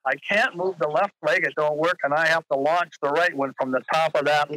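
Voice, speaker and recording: Older man, bright and dry. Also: fairly high pitch, steady tone, no echo, poor audio. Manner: step-by-step, deliberate retelling. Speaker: guest, father in the story. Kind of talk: casual podcast storytelling.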